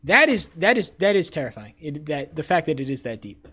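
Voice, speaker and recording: A young man live-streaming, loudly trash-talking and swearing as he banters with his chat. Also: on the high side, sing-song, a little fast, hardly any pauses, a little hiss or hum. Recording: faint music behind the voice.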